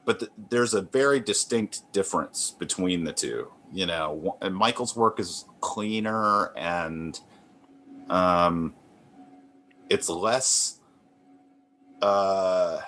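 A man, a comic artist guest, talking in a relaxed, rambling, self-deprecating way with many fillers and restarts. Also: sits low, takes it slowly, a little hiss or hum. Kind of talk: relaxed conversational interview.

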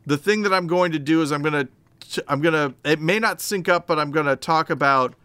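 A man co-hosting a podcast in casual chat, explaining at length in an animated, rambling way with many restarts. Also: fairly high pitch, brisk, clean tone, no echo. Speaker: podcast co-host.

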